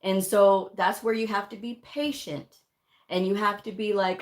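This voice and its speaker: Woman instructor for a livestream coding lesson, candid and conversational, middle-pitched voice. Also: fairly even intonation, unhurried. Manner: frank, chatty, addresses viewers directly. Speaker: medical coding educator. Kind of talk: casual livestream teaching talk.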